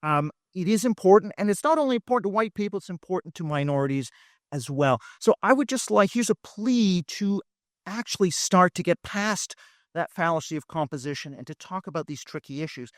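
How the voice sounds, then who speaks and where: A man with a fairly high voice argues his point at a festival debate, pressing each claim with emphasis. He talks in a lecturing way and often pauses on fillers. The sound is close and dry. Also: animated, no room sound. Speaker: debate panelist. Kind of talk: live debate speech.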